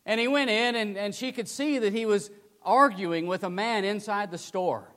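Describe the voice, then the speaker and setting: A man preaching a sermon as dramatic storytelling, swinging from loud to hushed, with a long hall reverb. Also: high-pitched, moderate pace.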